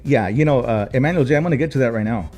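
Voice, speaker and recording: A man's voice: mid-range voice, very fast, darkish tone, soft background music. A man, co-hosting a casual talk show and telling a long story, with many fillers, swearing and switches into Spanish. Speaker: co-host.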